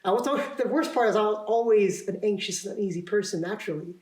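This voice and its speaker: A man's voice: high voice, quick pace, a little mellow. A young man, a podcast guest and actor, talking casually in a rambling, self-deprecating way, laughing often and restarting his sentences. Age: young adult. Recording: roomy echo.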